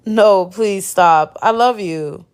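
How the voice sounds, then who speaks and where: A woman's voice: medium pitch, takes it slowly, a little mellow, clean tone, lightly acted. A woman reading the lines of a desperate young mistress who pleads with her lover. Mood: pleading.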